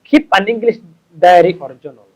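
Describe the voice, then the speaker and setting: High-voiced man teaching English. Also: expressive, poor audio. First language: Somali. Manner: slow, repetitive, stops to correct himself. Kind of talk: explaining tips to learners.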